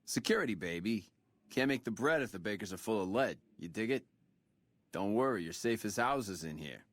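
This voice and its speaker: An actor playing a slick, smooth-talking casino doorman in a video game, full of lounge slang. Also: fairly low pitch, lively intonation, normal speed, dry recording. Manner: jive lounge slang, calls people baby.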